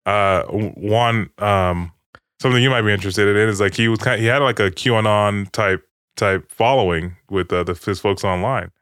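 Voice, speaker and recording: A man's voice: fairly low pitch, normal speed, a bit bright, clean tone, no echo, clean studio sound. A man casually recapping a movie with friends, rambling, swearing and acting out lines.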